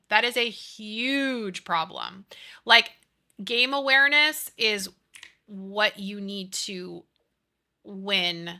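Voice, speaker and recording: Speaking in a medium-pitched, sharp-toned voice, a woman live-streams while building and talks casually with her viewers. She rants, swears a lot, and reads out messages from chat.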